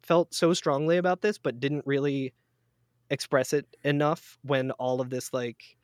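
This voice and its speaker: A man's voice: mid-range voice, fairly even intonation, a little slow, clear, resonant tone, no echo, clean studio sound. A man chatting as a guest on a casual podcast, rambling through a story with lots of fillers and restarts.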